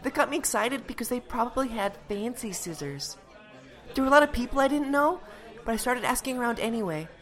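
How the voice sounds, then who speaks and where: A woman voicing an earnest, deadpan young girl telling her story in a comedy sketch. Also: fairly high pitch, fairly quick, some chatter behind.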